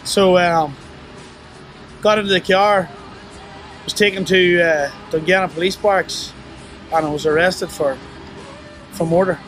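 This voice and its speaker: A young man tells a painful story of remorse, his voice sitting fairly high. He stumbles and restarts, leaning on fillers as he goes. Faint music plays under him. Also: steady tone, a bit bright. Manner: halting, full of "you know" and restarts; remorseful, low and subdued. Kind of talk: personal confession interview.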